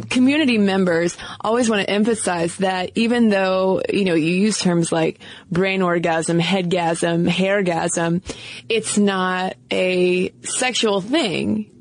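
A woman's voice: medium pitch, slow pace, no echo. A woman co-hosting a podcast in a casual, chatty way, with frequent fillers and laughs. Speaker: podcast co-host.

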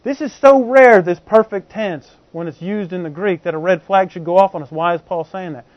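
A man with a notably high voice delivers a teaching sermon, talking to his congregation like a conversation and checking in with them often. The recording sounds dry and close, with a slightly dull, muffled top end. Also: fairly quick, no room sound. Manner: explains by everyday examples. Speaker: preacher.

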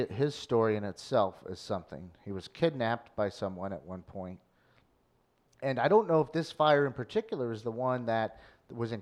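A man co-hosting a casual chat, telling a story with animated flourishes and easy laughs. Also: mid-range voice. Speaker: podcast co-host.

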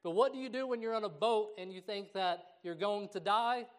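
A middle-aged man preaching a sermon in a church, animated and acting out the voices he quotes. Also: high-pitched, fairly quick. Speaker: pastor.

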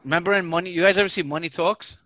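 A man's voice: high voice, steady tone, very fast, bright, forceful tone, no echo, muffled recording. A man co-hosting a casual podcast chat, telling rambling stories with lots of slang and laughter. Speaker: podcast co-host.

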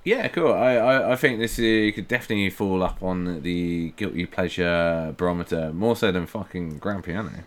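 A man co-hosting a casual film review podcast, joking and swearing freely. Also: low-pitched. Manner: sweary, jokey, quick asides. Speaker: podcast co-host.

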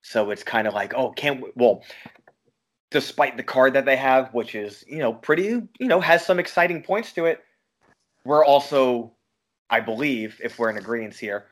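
A man from Long Island co-hosts a podcast and rants freely, swearing as he riffs. His voice sits at an ordinary middle pitch for a man. The talk is loose, casual chat. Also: moderate pace, fairly bright tone. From Long Island, New York. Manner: profane, ranting, riffing. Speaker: podcast co-host.

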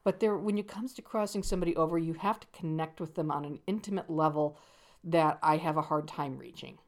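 A woman with a slightly low voice talks casually about her work as a psychic medium. She tells the story in a loose, conversational way, restarting sentences and acting out the dialogue. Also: fairly quick.

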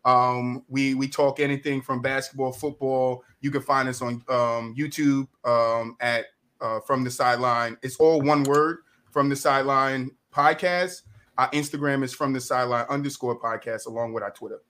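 A man's voice: mid-range voice, fairly even intonation, moderate pace, fairly bright tone. A man from New Jersey with a New Jersey accent, a guest on a sports podcast talking casually and with emphasis.

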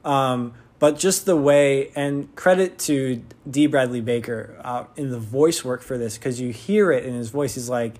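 A man's voice: mid-range voice, a little slow, few pauses, darkish tone. A man reviewing a TV episode in casual talk, rambling with lots of fillers and restarts, sounding like an enthusiastic fan.

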